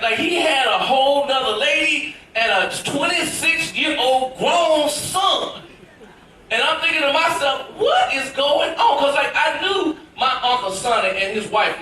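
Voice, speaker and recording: A man from Tennessee doing stand-up comedy, telling a story in an animated, emphatic way with shouted punchlines. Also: high voice, slight background noise. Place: cruise ship theater with audience. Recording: echoey theater from far off. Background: audience laughter.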